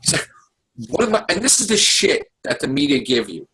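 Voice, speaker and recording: A man's voice: medium pitch, very animated, fairly quick, pushed and bright, husky. A man from the United States hosting a podcast, ranting about politics in a profane, exasperated, casual way. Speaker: podcast host. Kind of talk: heated casual political rant.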